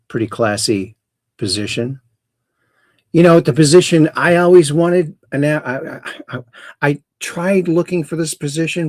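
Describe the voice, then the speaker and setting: A man's voice: fairly high pitch, a little mellow, dry recording. A middle-aged man hosting a livestream, rambling with dad jokes and reading out viewers' chat greetings. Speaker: host. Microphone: close camera mic.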